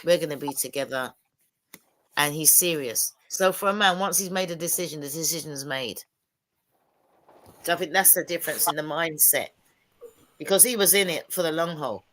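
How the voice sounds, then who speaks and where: A woman's voice: low voice, normal speed, long pauses. A woman and single mother in casual panel talk on a video call, telling stories and acting out what people said. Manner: animated storyteller acting out quotes.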